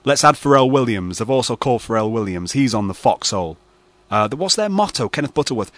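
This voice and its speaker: A man's voice: medium pitch, very animated, fast, fairly bright tone, dry recording. A man hosting late-night radio banter, spinning a mock-serious story full of fillers. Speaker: radio host.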